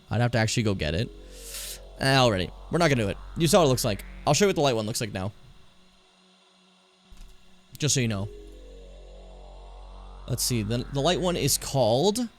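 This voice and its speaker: Excitable man doing casual game commentary, very animated delivery, cursing freely, soft music underneath. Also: medium pitch. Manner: excitable, swears, bursts into mock rage. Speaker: streamer.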